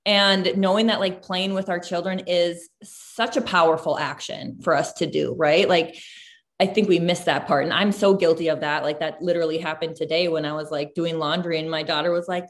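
A woman in her thirties talks in a relaxed, chatty way, scattering "like" through her sentences. Her voice sits a little low for a woman. She tells animated everyday stories in a casual podcast conversation. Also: normal speed. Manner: chatty, lots of "like" fillers, animated storytelling. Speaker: podcast host, mom business owner.

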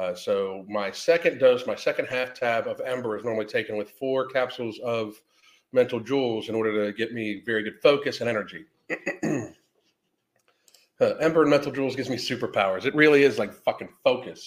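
A man hosting a live podcast, rambling casually, swearing often and greeting chat viewers by name. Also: mid-range voice. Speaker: podcast host. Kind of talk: casual livestream commentary.

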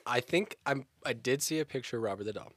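A man co-hosting a casual podcast, relaxed and rambling, with many ums and uhs as he talks. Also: mid-range voice, fast talker, slightly rough, no room sound. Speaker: podcast co-host. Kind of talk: casual chat.

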